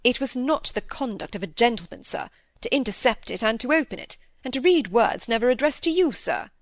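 A woman's voice: a little high, animated, fairly quick, dry recording, voice pushed up. Stiffly offended young male apprentice in a storybook, stammering, dry close sound, read by a woman. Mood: indignant.

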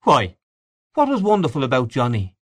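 A hearty, bluff gentleman, voiced by a man reading aloud. The voice is lifted slightly and moves with lively swings. It is recorded close and dry. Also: medium pitch, moderate pace, slightly rough, no room sound, pitched above the performer's own voice.

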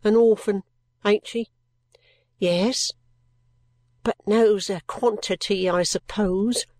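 A woman's voice: mid-range voice, fairly even intonation, takes it slowly, darkish tone, no echo, close to an everyday voice. Female reader voicing a sulky, resentful teenage girl, blunt and gloomy, dry close read. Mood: grudging.

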